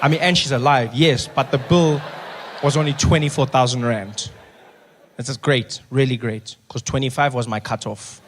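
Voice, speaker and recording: A man's voice: medium pitch, fairly even intonation, moderate pace, a little hiss or hum. A man from Africa, performing a stand-up comedy set live on stage, telling stories and acting out other people's voices. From South Africa. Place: theater stage before a live audience.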